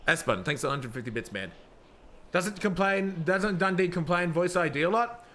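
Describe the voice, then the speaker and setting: A man streaming a police role-play game, talking excitedly and rambling with swearing and frequent restarts. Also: high-pitched, normal speed. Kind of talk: live-streamed gameplay commentary.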